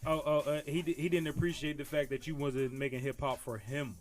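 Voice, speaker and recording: A man's voice: on the high side, fairly even intonation, brisk. A man hosting a casual podcast chat, rambling and swearing freely as he talks. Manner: rambling, profane, restarts often. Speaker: podcast host.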